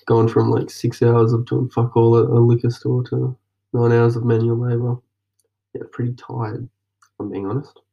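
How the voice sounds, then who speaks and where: A man's voice: mid-range voice, completely flat delivery, normal speed, creaky, mellow. A young Australian man rambling in a casual late-night monologue, slangy and loose, drifting into whispers now and then. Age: young adult. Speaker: vlogger journaling. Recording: dull lo-fi mic.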